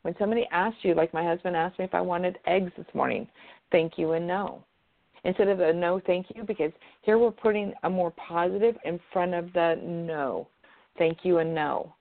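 A woman shares advice in an earnest, chatty way, circling back and restarting her thoughts. Her voice carries a gravelly fry. The sound is narrow and tinny, like a phone call. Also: on the low side, steady tone, normal speed. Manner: earnest, repeats herself, restarts sentences. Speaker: guest. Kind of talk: casual advice chat.

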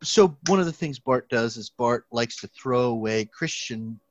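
Young male theology student, casual rambling chat, medium pitch, dry slightly muffled recording. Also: measured pace, no echo. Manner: rambling, lots of restarts and fillers, animated when quoting people.

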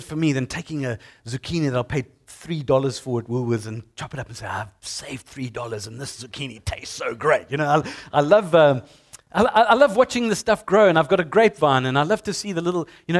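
A middle-aged man, preaching a sermon as a pastor in an animated storytelling way. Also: a little high. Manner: storytelling, animated with acted-out sounds.

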